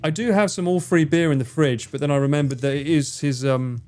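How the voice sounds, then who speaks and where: A man's voice: a little high, a little fast, darkish tone, faint music behind. Chatty man on a livestream. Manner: chatty, swears freely, teasing banter. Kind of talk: casual livestream chat, reading chat.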